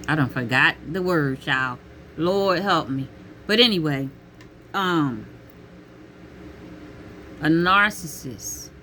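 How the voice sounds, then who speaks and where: A middle-aged woman talking casually to camera with emphatic, expressive delivery, calling listeners honey and child and calling out to God. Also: lowish voice, slight background noise. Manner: peppers talk with exclamations to God. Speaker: vlogger giving relationship advice.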